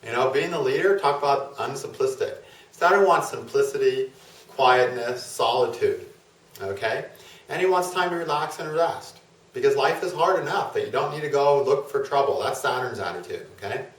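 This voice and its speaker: A man's voice: mid-range voice, expressive, moderate pace. A man gives an astrology lesson in a loose, talky way, slipping into quoted voices for the planets and tagging points with "okay?". His voice comes from a little way off the mic in an echoey room. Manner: conversational, acts out planets in quoted voices, says "okay?" often. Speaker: astrology teacher. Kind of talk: instructional lecture. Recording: roomy echo, mic at a distance.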